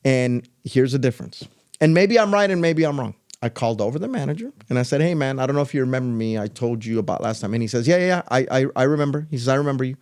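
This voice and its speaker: In a mid-range voice and at a fast clip, a middle-aged co-host tells a story on a podcast. His casual, animated delivery is loose, and he acts out what other people said.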